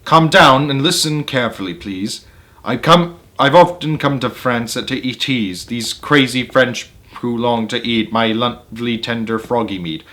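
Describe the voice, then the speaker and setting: A man voicing a calm male magic toad in a storybook, speaking low, soft and unhurried.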